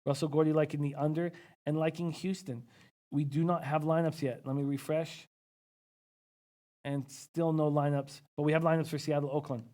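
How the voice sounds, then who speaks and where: A man's voice: on the high side, flat delivery, moderate pace, warm tone. A man hosting a live betting-picks stream, thinking aloud casually and reading out viewer comments with frequent hmms. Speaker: sports betting analyst host.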